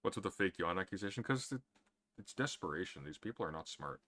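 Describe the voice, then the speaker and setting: A man with a very deep voice, answering chat questions in a casual livestream with dry, sardonic humor. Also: lively intonation, fast, a bit bright.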